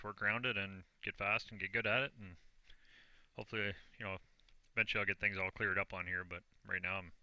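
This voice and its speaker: A man's voice: low-pitched, sharp tone, no room sound. A Canadian man talking through a casual screen-recorded tutorial, plain and self-deprecating as he narrates each click. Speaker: online business vlogger.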